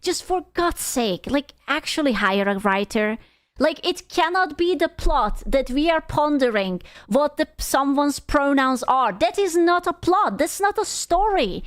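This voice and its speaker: A young woman streaming and reacting to videos in casual chat, blunt and quick to swear. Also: high-pitched, no room sound, studio quality. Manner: blunt, swears freely, laughs often.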